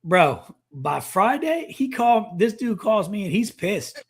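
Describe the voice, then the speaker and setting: High-pitched guy on a vets podcast, swearing, animated storytelling. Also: measured pace, gravelly, husky. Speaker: podcast co-host, Navy veteran. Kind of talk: casual storytelling chat.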